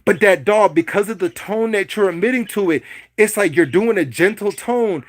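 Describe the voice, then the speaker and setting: In a high-sitting voice at a moderate pace, a man runs a casual livestream. He lectures his viewers directly, circling back over the same points in a preachy way.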